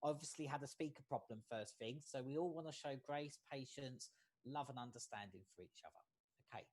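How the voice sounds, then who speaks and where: A facilitator gives an online training lecture over a video call. The pace is measured, and nearly every point ends with a checking "okay?". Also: mid-range voice, darkish tone. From United States. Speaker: workshop facilitator.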